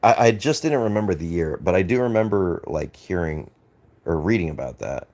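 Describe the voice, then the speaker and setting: A man's voice: low voice, animated, a little fast, darkish tone. An Australian man streaming, chatting casually with viewers in a rambling, hesitant way full of fillers and restarts, swearing and laughing easily. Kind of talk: casual live-stream chat, reading and answering chat.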